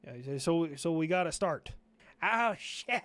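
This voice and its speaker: A man's voice: fairly high pitch, lively intonation, slow, a bit bright, dry recording. A man streamer giving casual reaction commentary, joking and profane, laughing at his own bits.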